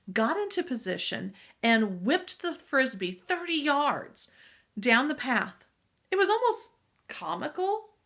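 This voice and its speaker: A woman reading a children's adventure novel aloud with lively storytelling and occasional asides to listeners. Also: medium pitch. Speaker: reader.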